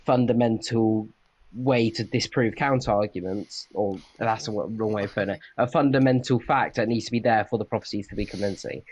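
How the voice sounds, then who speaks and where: Low-voiced man in voice chat, careful, measured arguing. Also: darkish tone, breathy edge. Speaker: debate participant. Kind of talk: casual debate.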